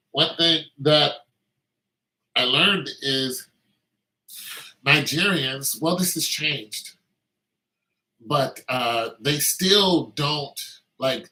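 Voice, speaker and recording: Bright-voiced man rambling casually. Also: medium pitch, low-quality recording. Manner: meandering, anecdotal, lots of fillers.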